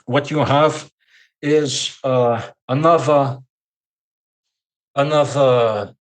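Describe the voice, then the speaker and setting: A man's voice: mid-range voice, very slow. Portuguese-accented man lecturing as a guest. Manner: lecturing, repeats words while thinking. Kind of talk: podcast conversation.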